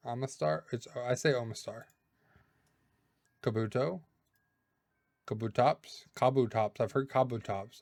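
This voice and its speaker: A man's voice: mid-range voice, dry recording. A man in a casual read-through of names, musing aloud and second-guessing how he says them. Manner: musing, second-guessing his own pronunciations. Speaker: YouTuber.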